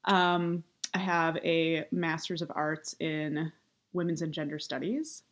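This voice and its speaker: A writer and activist in her thirties speaks in a low, unhurried, fairly even voice. Her loose, casual monologue is full of vocal fry and upward inflection, with frequent "um" and "you know."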